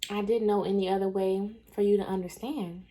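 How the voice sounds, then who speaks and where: A woman voicing a calm, sarcastic woman who speaks slowly and mockingly. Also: medium pitch, slight background noise, lightly acted. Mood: cold. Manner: slow, measured, mocking.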